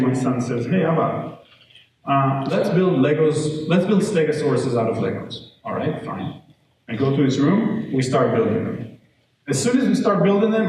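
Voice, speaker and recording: Male educator addressing parents live; lively storytelling, recorded from afar in a reverberant room with faint hiss. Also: mid-range voice. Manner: conversational, animated storytelling with audience check-ins. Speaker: educator giving a parenting talk. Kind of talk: live workshop talk to parents. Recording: echoey room, distant mic, faint noise.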